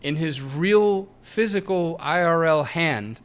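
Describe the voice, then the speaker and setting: A man's voice: fairly high pitch, animated, slow, clear, resonant tone. A man co-hosting a retro game podcast, chatting casually with frequent laughs and restarts. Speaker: podcast co-host. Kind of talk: casual chat reviewing a game.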